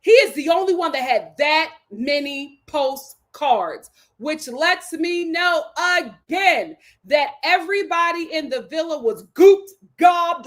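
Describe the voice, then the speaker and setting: A woman with a bright, high voice recapping a dating show on a live stream. She is sassy and dramatic, leaning on slang. She calls out the contestants as if they could hear her. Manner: speaks directly to the people she discusses. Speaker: reality TV review host.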